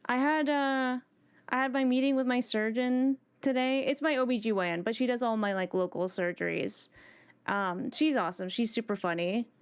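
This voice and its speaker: A woman's voice: fairly high pitch, normal speed, smooth. A woman live streaming from home on a desk microphone, chatting casually with her viewers and greeting them one by one.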